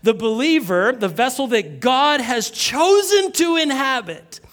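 A male pastor with a notably high voice delivers a sermon. He repeats his points, throws questions and jokes to the congregation, and lifts and slows his voice on the words that matter. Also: animated, a bit bright.

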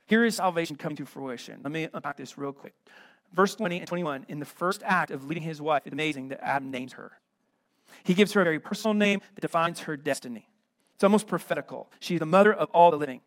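A middle-aged American pastor preaching a sermon, emphatic and full of rhetorical questions. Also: male voice, a little high, quick pace, a bit bright, no room sound.

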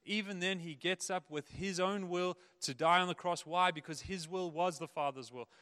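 A man preaching a sermon, animated, acting out the voices of the people in his stories. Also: high-pitched, normal speed, smooth. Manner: animated, acts out quoted voices. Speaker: pastor.

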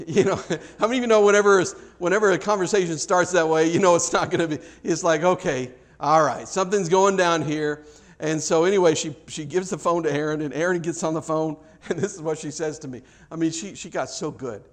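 A middle-aged pastor delivers a sermon loosely and conversationally, talking fast with hardly any pauses. He keeps breaking off and restarting while telling family stories, acting out dialogue with big jumps in pitch.

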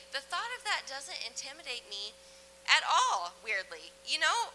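A woman's voice: sits high, sing-song, unhurried, bright, forceful tone, slight background noise. A woman preaching a sermon in a church in a chatty, conversational way, often laughing between phrases.

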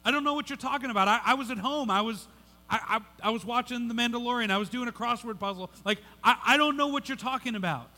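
A loud, stammering male disciple who swears loyalty and then scrambles to deny it, pitched high and bright, as a preacher acts him out. His voice rings through a large hall with a long tail of reverb. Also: moderate pace. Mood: flustered. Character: boastful, flustered male disciple.

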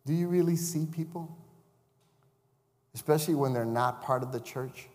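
A man's voice: a little high, moderate pace, long pauses, darkish tone. Man preaching in a reverberant church. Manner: conversational, asks the congregation questions. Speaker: chaplain and preacher. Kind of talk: sermon. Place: church sanctuary.

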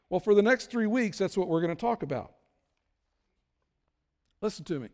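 High-voiced man preaching in a hall. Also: fairly quick, pauses often. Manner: conversational, acts out worried inner voices. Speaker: pastor. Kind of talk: sermon. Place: large church hall. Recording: long hall reverb.

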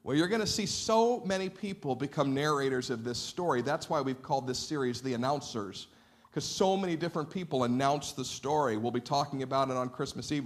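A middle-aged man preaching a sermon in a church sanctuary, a lively and playful storyteller who acts out the dialogue in his anecdotes. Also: mid-range voice. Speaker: pastor.

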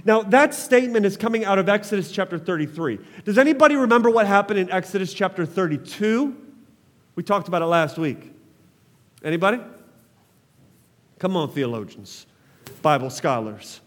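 A man's voice: high-pitched, big pitch swings, moderate pace, long pauses, a bit bright, in a large hall. A man preaching a sermon as pastor, passionate, calling on the congregation to respond.

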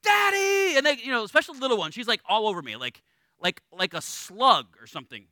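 A middle-aged man preaching a sermon as a pastor, conversational and animated, acting out little voices in his stories. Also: sits high, quick pace, dry recording.

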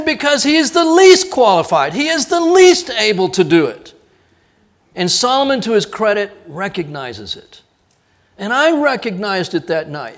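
Middle-aged male pastor, higher-pitched voice, lively storytelling sermon with acted-out lines. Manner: animated storytelling, acting out dialogue.

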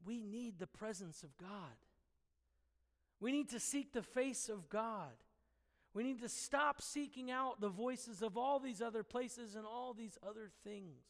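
A man's voice: high voice, measured pace, big-room sound. A man preaching a sermon, earnest and teaching, with playful asides where he chuckles at the story.

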